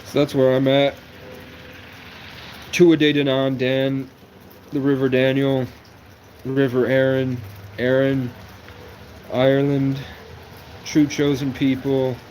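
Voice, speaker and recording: Man in his 20s, New England, livestreamer; rambling, conspiratorial monologue in a flat delivery. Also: mid-range voice, a little hiss or hum. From New England, USA. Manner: rambling, conspiratorial, jumps between topics.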